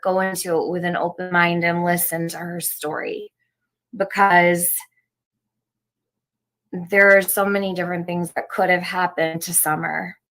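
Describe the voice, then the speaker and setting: A woman's voice: fairly low pitch, a bit bright. A woman hosting a live stream, chatting casually with viewers and reading out their comments, laughing often.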